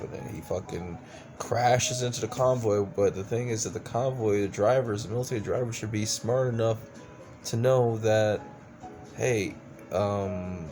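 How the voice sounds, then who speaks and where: Exasperated, profane low-voiced man. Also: darkish tone. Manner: exasperated, profane, rambling with restarts. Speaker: movie reviewer. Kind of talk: casual ranting film review.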